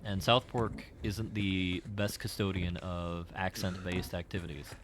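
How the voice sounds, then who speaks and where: Low-voiced wry rambling man. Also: little pitch movement, unhurried, background noise. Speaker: game streamer. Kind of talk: casual gameplay commentary.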